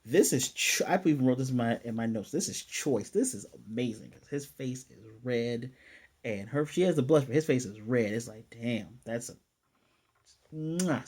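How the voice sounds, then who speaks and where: A man talks through an anime review in a loose, rambling way, pausing to read from his notes. His voice is dark and mellow, sitting in a middle pitch. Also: slightly rough. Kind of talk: casual recap.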